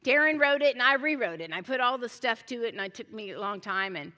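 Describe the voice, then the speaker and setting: High, bright-voiced woman pastor preaching. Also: expressive, fast talker, in a large hall. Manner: chatty storytelling with restarts and jokey asides. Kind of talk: sermon.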